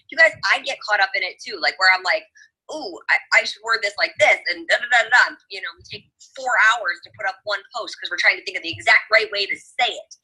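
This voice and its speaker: A woman's voice: mid-range voice, sharp tone, slightly rough, rough recording. A woman hosting a casual chat, talking emphatically and turning to address her listeners directly. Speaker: host.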